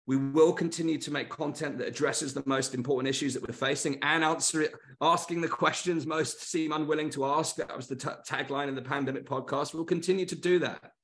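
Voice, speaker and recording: A man's voice: fairly high pitch, fairly bright tone. A middle-aged man hosting a motivational webinar, speaking earnestly and stressing points through repeated short lists. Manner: earnest, repetitive emphatic lists. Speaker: webinar host.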